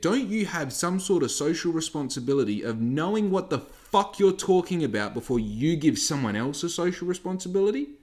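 A man's voice: a little high, sing-song, fairly quick, darkish tone. A young man in his twenties who works a coffee van, talking in a casual monologue rant. He is cheeky and swears a lot, with heated outbursts. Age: 20s. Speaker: coffee van worker vlogging.

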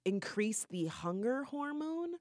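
Lively chatty podcast woman. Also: slow, dry recording, studio quality. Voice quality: animated, laughing, jumps high when excited. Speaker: podcast co-host. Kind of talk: casual chat.

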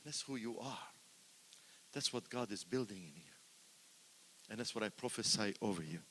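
An older man preaching a sermon in a church, swinging between loud exclamations and quiet asides, repeating words for emphasis. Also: fairly low pitch, lively intonation, moderate pace, long reverb tail, slight background noise.

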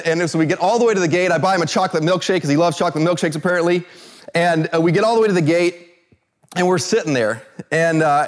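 A man from California telling a personal story to an audience, animated, with many fillers and restarts. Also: on the high side. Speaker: speaker.

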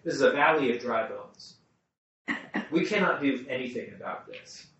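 A man's voice: mid-range voice, animated, moderate pace, a bit bright, slight background noise. A man leading a group Bible study, thinking aloud with restarts and putting questions to the people around him. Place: room with a small group. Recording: muffled, echoey room, mic far off.

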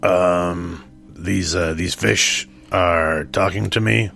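A very deep, gravelly man playing a tabletop game, his voice bright and edgy. He talks hesitantly and stumbles over his words. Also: steady tone, takes it slowly, soft background music. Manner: hesitant, stammering. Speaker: player. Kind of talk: casual tabletop game play.

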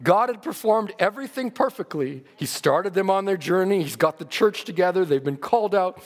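A man's voice: high-pitched, animated, normal speed, big-room sound. A man preaching a sermon earnestly, his emphasis rising and falling.

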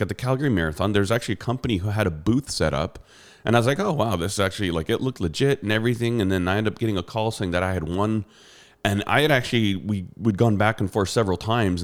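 A man chatting casually with a friend over an online call, telling animated stories and laughing often. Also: sits low. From Canada. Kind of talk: casual chat. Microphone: headphones on an online call.

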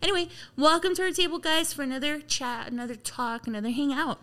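A young woman co-hosting a casual chat, bubbly and animated, quick to laugh. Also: high-pitched. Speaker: podcast co-host.

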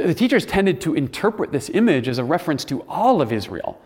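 A man's voice: on the high side, darkish tone, long reverb tail. A man giving a sermon, reflective and earnest, with the odd dry aside. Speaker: preacher.

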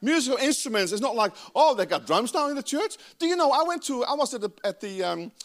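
Animated Dutch-accented preacher, high voice. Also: male voice, fast. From Netherlands. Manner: lively, emphatic preaching with asides. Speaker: pastor. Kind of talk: sermon.

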